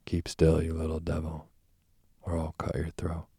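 A man voicing a fearsome, growling escaped convict who barks threats and orders in a gruff voice. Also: a bass voice, completely flat delivery, normal speed, warm tone, dry recording, studio quality, exaggerated voice. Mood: menacing.

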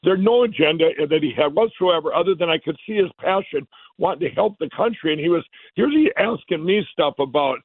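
Man from Minnesota, raised pitch, rambling storyteller, tinny dry phone line. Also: animated, brisk, no room sound. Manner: rambling, repeats and restarts words. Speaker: guest, company founder. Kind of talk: casual storytelling.

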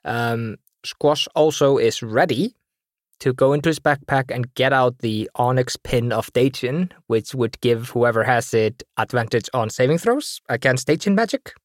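A man's voice: mid-range voice, moderate pace, dry recording, clean studio sound. A man playing a tabletop game, rambling and searching for words as he describes what his character does. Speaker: player.

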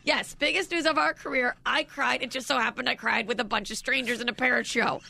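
A woman's voice: a little high, steady tone, a little fast, creaky, bright, forceful tone, a little hiss or hum. A woman co-hosting a morning radio show, chatting and laughing with big swings in her voice. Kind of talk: casual morning radio banter.

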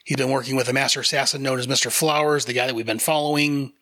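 Bright-voiced man rambling about comics. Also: medium pitch, little pitch movement, fast talker, no room sound, clean studio sound. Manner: rambling, enthusiastic, with frequent fillers. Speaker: podcast host reviewing comics. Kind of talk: casual review chat.

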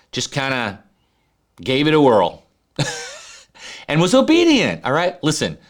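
A man preaching a sermon to men, animated, often checking in with "right?" and rising to emphatic high peaks. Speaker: pastor.

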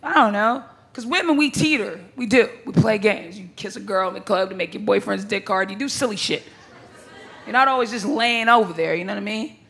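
A woman's voice: mid-range voice, fairly quick, creaky, fairly bright tone, husky. A woman performing a stand-up comedy set, brash and blunt, with crude punchlines and bursts of laughter. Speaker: stand-up comic.

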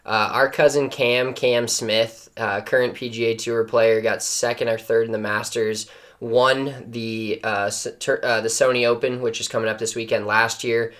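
Excitable, swearing man on a call. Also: mid-range voice, normal speed. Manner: excitable, profane, rambling. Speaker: podcast co-host. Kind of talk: casual chat. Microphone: remote call mic.

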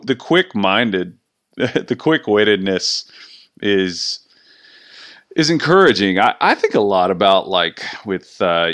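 A man hosting a sports podcast, talking in a relaxed, musing way that often trails off. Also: low-pitched, clean tone. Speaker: podcast host. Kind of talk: casual sports chat.

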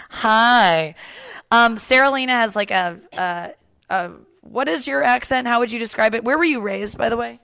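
A woman's voice: fairly high pitch, normal speed, creaky, fairly bright tone, no room sound, clean studio sound. A young woman hosting a podcast from her apartment couch, chatting casually, laughing and swearing freely. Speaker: podcast host.

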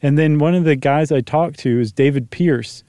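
A man with a mellow, warm voice co-hosts a podcast in relaxed, rambling conversation, leaning on "um" and "like" as he thinks aloud. His voice is close and dry on a studio microphone. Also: a little high, moderate pace, smooth, no echo. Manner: easygoing, rambling, many fillers. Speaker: podcast co-host. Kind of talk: casual chat.

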